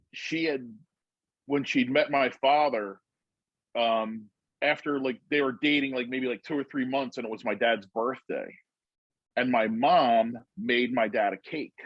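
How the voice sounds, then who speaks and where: Male podcast co-host, husky voice, rambling storyteller, dry and muffled recording. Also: medium pitch, no room sound. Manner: loose, rambling with many fillers and restarts. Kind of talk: casual chat, personal storytelling.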